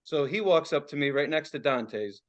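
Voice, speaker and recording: A man's voice: on the high side, animated, moderate pace, muffled recording. A man from Philadelphia, co-hosting a podcast and telling a rambling, profane story in casual chat, laughing as he goes. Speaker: podcast co-host.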